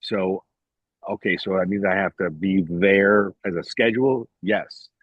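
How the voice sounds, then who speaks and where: A man's voice: low-pitched, steady tone, a little slow, slightly rough, no echo, narrow, tinny audio. A man in a casual podcast chat, telling a rambling, profane story and acting out what others said to him. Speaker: podcast guest.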